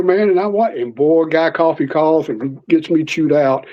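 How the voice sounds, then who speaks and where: Podcast guest, man, animated storyteller, muffled audio. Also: a little high, normal speed. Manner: animated storyteller, acts out quoted voices. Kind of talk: storytelling in casual interview.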